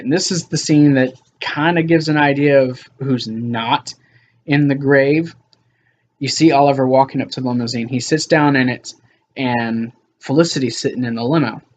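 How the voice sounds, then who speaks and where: A man's voice: medium pitch, a little hiss or hum. A man recapping a TV episode in a loose, casual way, with lots of fillers and quoted lines. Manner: loose retelling with many fillers and quoted asides.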